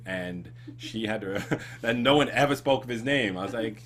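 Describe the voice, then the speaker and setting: A man's voice: fairly low pitch, moderate pace, a little hiss or hum. A man hosting a casual comedy chat show, rambling with ums and laughs. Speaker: show host.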